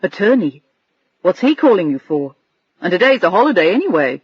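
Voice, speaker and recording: A narrator voicing a gentle, protective man who speaks calmly and reassuringly. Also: sits high, brisk, slightly rough, no echo, lo-fi sound, full character voice. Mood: concerned.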